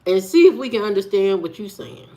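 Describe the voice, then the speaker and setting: A woman's voice: mid-range voice, very animated, fairly quick, dark tone. A woman hosting a live stream in casual chat, answering her viewers with blunt rhetorical questions. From United States. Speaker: livestream host.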